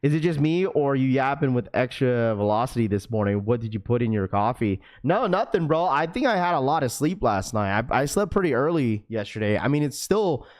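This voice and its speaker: A young man hosting a live stream, chatting casually with viewers in an energetic, slangy, talkative way. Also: mid-range voice, fairly quick, hardly any pauses. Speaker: livestream host.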